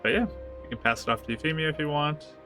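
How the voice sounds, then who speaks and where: A man narrating as game master of a tabletop game, in a relaxed, easygoing way. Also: on the high side, fast, soft background music.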